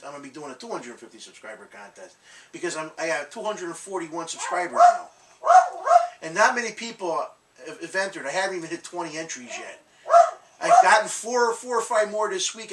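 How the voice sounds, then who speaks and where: A man's voice: fairly high pitch, a bit bright, recorded from a distance. A man hosting a collectibles channel, telling rambling stories in casual chat, laughing often and swearing. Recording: echoey room, off-mic, faint noise.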